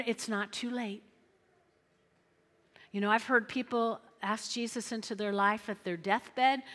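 A middle-aged woman pastor preaching an animated sermon in a church, repeating phrases and acting out voices. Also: medium pitch, in a large hall. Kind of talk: lively sermon with acted-out quotes.

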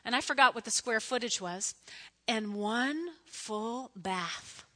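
High, bright-voiced woman preaching. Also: takes it slowly. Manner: chatty, animated storyteller who questions the audience. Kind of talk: conversational sermon with personal stories.

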